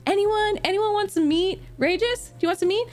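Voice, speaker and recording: A woman voicing an excitable young male bard, talking high and giddy. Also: brisk, faint music behind. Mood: teasing.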